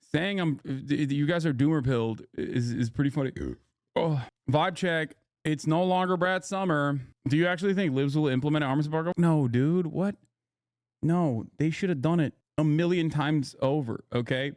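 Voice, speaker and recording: A man's voice: fairly high pitch, moderate pace, a little mellow, no room sound, clean studio sound. A man giving casual live-stream commentary on clips, sarcastic, heated and emphatic.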